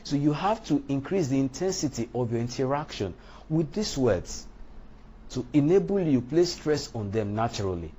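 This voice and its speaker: A man teaching English stress rules in a deliberate, emphatic lecture, spelling out letters as he goes; English is not his first language. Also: mid-range voice, very animated, dark tone, slight background noise. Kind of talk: phonetics lecture.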